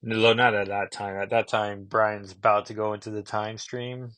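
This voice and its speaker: A man's voice: on the low side, level tone, moderate pace, fairly bright tone, dry recording. A man casually reviewing comic books, rambling with fillers and asides.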